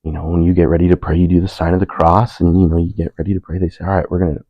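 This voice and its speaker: A man's voice: low-pitched, level tone, very fast, no room sound, dull audio. A young man on a panel telling a personal story in a laid-back, self-mocking way, laughing often. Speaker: panel speaker.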